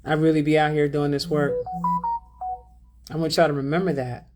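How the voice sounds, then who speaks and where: A woman's voice: low voice, level tone, normal speed, music in the background. Drawling woman thanking livestream viewers. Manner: drawling, affectionate, calls viewers baby and beloved. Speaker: spiritual healer hosting a livestream. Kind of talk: livestream chat, reading out viewer donations.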